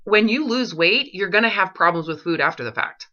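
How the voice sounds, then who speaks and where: A woman's voice: medium pitch, lively intonation, fairly quick, bright, forceful tone, highs cut off. A woman coaching a client on eating disorder recovery, blunt and pressing, swearing and repeating her questions. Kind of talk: confrontational coaching session.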